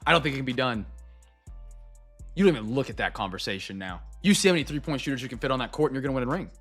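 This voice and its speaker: A young man hosting a live card break, chatting to viewers and going off on excitable, rambling sports rants. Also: medium pitch, very fast, faint music behind.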